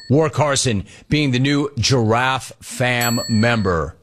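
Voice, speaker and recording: A man hosting a sports talk show with a mid-pitched voice that sits in the usual middle range. He talks in a casual way, reading out listener messages and breaking into animated stories. Along the way he mimics the people he quotes. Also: slow pace, few pauses.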